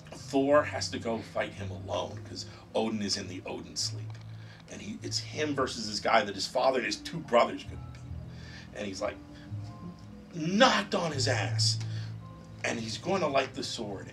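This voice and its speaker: A man guest in a casual interview, retelling stories in an animated, excited way with casual swearing. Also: mid-range voice, normal speed, distant mic, faint music behind. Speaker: comic book writer guest.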